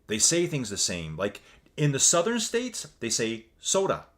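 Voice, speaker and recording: A man's voice: medium pitch, huge pitch swings, measured pace, fairly bright tone. A Canadian man with a Canadian accent giving casual, rambling live-stream commentary on a virtual bike race and reading viewer chat aloud.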